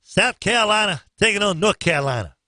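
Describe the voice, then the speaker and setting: A man's voice: sits high, expressive, quick pace, sharp tone, no room sound. A man hosting a morning sports radio show from a studio. He runs through his picks in a loose, joking way with a slightly raised voice. The sound is dry and close. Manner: loose, joking, sings snatches of songs.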